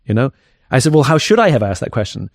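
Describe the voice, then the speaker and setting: A man's voice: medium pitch, big pitch swings, fast, no room sound. Candid, reflective man speaking in a dry room. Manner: reflective and candid, thinking aloud. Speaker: guest. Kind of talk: candid conversational interview.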